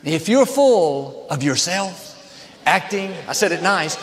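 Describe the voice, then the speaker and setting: A man's voice: high voice, expressive, slow pace, long reverb tail, a faint crowd, slight background noise. A man preaching a sermon as a pastor, earnest and building to emphatic peaks.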